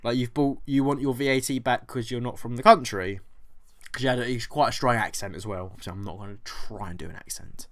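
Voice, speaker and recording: Young man, British accent, storytelling vlog, animated, acts out both sides, swears. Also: medium pitch, a little fast. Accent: British English. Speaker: vlogger.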